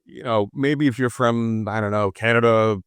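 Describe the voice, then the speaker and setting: A man's voice: medium pitch, steady tone, normal speed, smooth, no echo, clean studio sound. Chatty Boston man. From Boston, USA. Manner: chatty, rambling, with frequent "you know". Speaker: podcast guest, marketing executive. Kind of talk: casual podcast chat.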